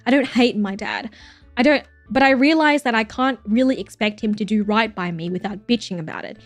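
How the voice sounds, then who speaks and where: A woman's voice: on the high side, a little fast. A young woman streamer chatting casually as she reacts to stories, laughing often and swearing freely. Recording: dry close mic with faint music behind.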